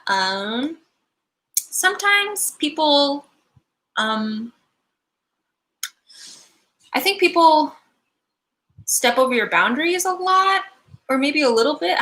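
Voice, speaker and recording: Woman, angel card reader, live stream, giggly, chatty, bright, slightly high voice. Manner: chatty, giggly, full of likes and ums.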